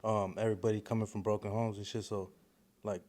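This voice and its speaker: A young man talks in a relaxed, slang-heavy way. His voice sits somewhat low, with plenty of fillers like "you know what I'm saying" and quick laughs. It sounds like a loose, casual podcast chat. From East Palo Alto, California. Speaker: guest rapper.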